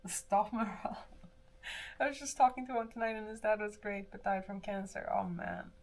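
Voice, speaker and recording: A woman's voice: mid-range voice, normal speed, slight background noise. A woman livestreamer chatting casually with viewers, rambling and answering chat while she does her hair. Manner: rambling, with restarts.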